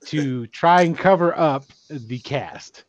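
A man running a tabletop role-playing game as game master, narrating and ruling with quick asides. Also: fairly high pitch, animated. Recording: dry, dull lo-fi sound.

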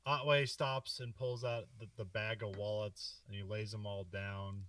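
A man with a lowish voice recaps a film in casual podcast chat, full of "like" and "um" and breaking into laughs. He sits a bit back from the mic in a dry, dead-sounding space. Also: level tone, a little slow, fairly bright tone, dry recording, recorded from a distance. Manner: rambling, laughs often, many fillers. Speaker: podcast co-host. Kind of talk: casual movie discussion.

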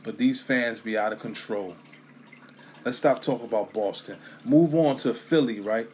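A man talking casually and profanely about sports fans, swinging between loud bursts and low mutters. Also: normal speed, a little hiss or hum. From New York.

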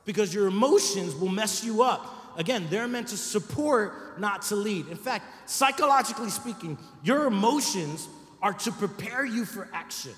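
In a church sanctuary, a man with a high, animated, fairly bright voice preaches a sermon at a normal speed. As pastor, he addresses the congregation conversationally, often checking in with "right?", and the hall sounds echoey.

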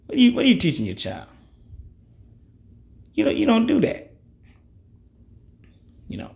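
A man's voice: very high voice, wildly swooping pitch, normal speed, vocal fry, a little mellow. A man in his thirties giving his opinions in a blunt, conversational monologue, cussing freely and leaning on "you know.". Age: 30s. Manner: frequent "you know" fillers. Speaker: podcast host.

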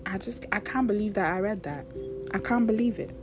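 A woman's voice: medium pitch, lively intonation, fairly quick, music in the background. A young woman, hosting a show and ranting bluntly and animatedly in slangy casual talk. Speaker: show host. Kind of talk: casual rant to viewers.

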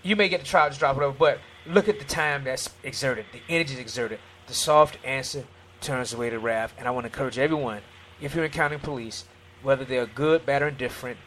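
A man's voice: a little high, fairly bright tone, a little hiss or hum. A man in an earnest faith-based discussion who quotes scripture and acts out his own encounters as dialogue.

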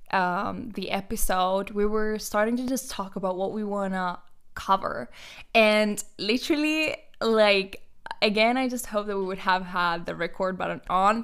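A woman's voice: mid-range voice, clean tone. Candid woman podcast host. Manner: candid, animated storytelling, swears casually. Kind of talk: casual podcast chat.

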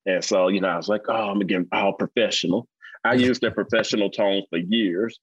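A man's voice: lowish voice, breathy edge, dry recording. Blunt Mississippi-accented man, dull lo-fi sound. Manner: blunt, animated storyteller, fast-talking. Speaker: guest. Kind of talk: casual interview. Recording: dull lo-fi dry recording.

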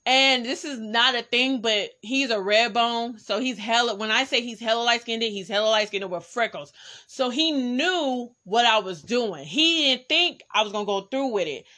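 Bright-voiced Bay Area woman telling a story. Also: fairly high pitch, moderate pace. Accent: San Francisco Bay Area. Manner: candid, animated, speaks straight to listeners. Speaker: podcast host. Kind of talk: casual storytelling.

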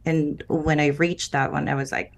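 Low-voiced Filipino woman, earnest. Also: level tone, vocal fry. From Philippines. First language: Filipino language. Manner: earnest, unhurried, with filler pauses. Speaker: former call center agent, guest. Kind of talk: conversational interview answers.

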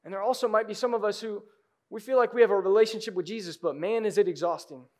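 High-voiced man preaching with dynamic swings. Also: quick pace, a little mellow. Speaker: pastor. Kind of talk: sermon. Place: church sanctuary.

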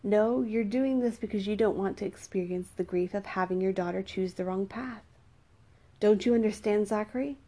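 A woman's voice: medium pitch, normal speed, dark tone, lightly acted. A woman voicing a wise, sorrowful royal minister who speaks in a solemn, reproving way.

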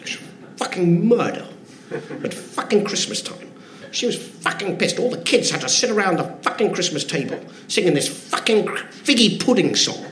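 A man putting on an Irish accent to play a sweary, deadpan storyteller. He sounds a bit higher than most men. The recording sounds roomy, as if made on a live stage. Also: moderate pace, slight background noise. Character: impression of a famous Irish comedian telling a story.

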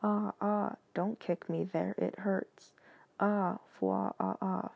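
A woman reading out the lines of a clingy anime little-sister girl in a deliberate monotone, with a gravelly, husky voice. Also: mid-range voice, no echo, lo-fi sound, exaggerated voice. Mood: flat monotone.

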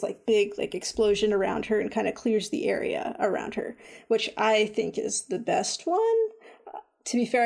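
A woman chatting casually about a game she has been playing, full of "like" and "um", animated when she retells her own reactions. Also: mid-range voice, gravelly. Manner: chatty, lots of fillers like "like" and "um". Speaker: video game reviewer. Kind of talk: casual chat.

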